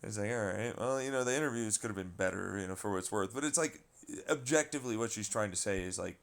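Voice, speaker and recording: A man's voice: on the low side, fast, gravelly. A man vlogging a rambling, profane, exasperated commentary rant.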